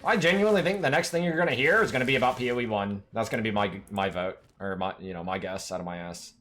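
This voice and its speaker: A man's voice: on the low side, fast talker, fairly bright tone, a little hiss or hum. A man streaming a game, talking casually to his chat in a rambling, profanity-laden rant that keeps circling back to one point.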